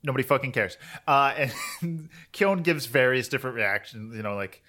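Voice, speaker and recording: A man's voice: mid-range voice, moderate pace. A man co-hosting a podcast, retelling an anime episode in a rambling, casual chat. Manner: rambling, animated retelling with quoted voices. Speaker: podcast co-host.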